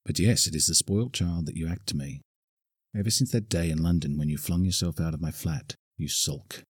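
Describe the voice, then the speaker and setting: A man's voice: very deep voice, moderate pace, slightly rough, no echo, studio quality. A man voicing a seductive, mocking French woman dancer with a French accent. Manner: insolent, teasing, mocking.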